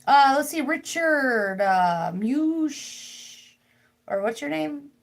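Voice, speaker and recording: With a high, gravelly voice, lively intonation and drawn-out words, a young woman reads tarot on an easygoing livestream from home. She rambles, jokes and chats with her audience.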